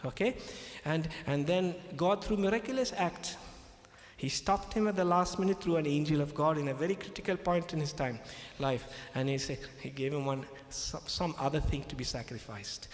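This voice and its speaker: A man with a fairly high voice preaches a sermon in an echoey hall, where a long reverb lingers after his words. He's emphatic and repetitive, restating key lines and pausing with "okay?" to make sure listeners follow.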